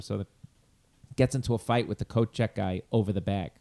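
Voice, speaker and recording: A man's voice: on the low side, gravelly. A man with a Long Island accent, a podcast host telling funny dating stories in casual chat. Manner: animated, jokey, quick asides. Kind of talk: casual comedic storytelling.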